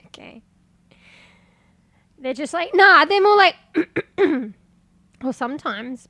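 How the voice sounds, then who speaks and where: Her voice a little high and a bit bright, a young woman chats her way through a game stream. The live chat is casual and rambling, with free swearing and frequent laughter.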